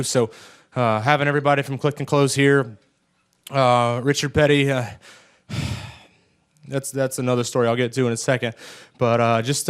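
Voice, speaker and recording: A young man, a race car driver, answers press questions in a halting, emotional way with frequent sighs. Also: mid-range voice, clear, resonant tone. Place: post-race press room.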